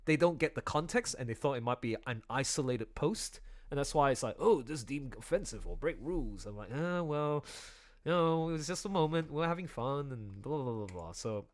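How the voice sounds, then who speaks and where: A man hosting a casual group voice chat, animated and laughing often. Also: mid-range voice, normal speed. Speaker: server host and game master.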